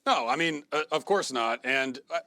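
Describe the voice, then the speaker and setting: A man answering questions as a guest on a TV interview, measured with frequent fillers. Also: mid-range voice, expressive, sharp tone, no echo.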